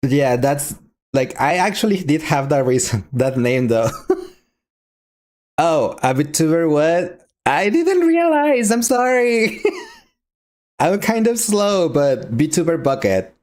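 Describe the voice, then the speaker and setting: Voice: medium pitch, sing-song, slow, a little mellow. A game streamer chatting casually with viewers, reading chat aloud and giggling often.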